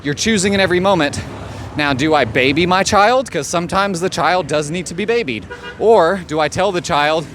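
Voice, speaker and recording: A man's voice: a little high, normal speed, a bit bright. A man giving a blunt, profane motivational monologue as a life coach. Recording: faint street noise behind.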